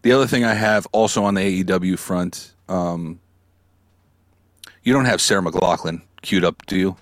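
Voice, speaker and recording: A man's voice: sits low, normal speed, no echo, clean studio sound. A man co-hosting a podcast, chatting casually and joking with his co-host. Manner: joking, teasing, laid-back. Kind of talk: casual wrestling podcast chat.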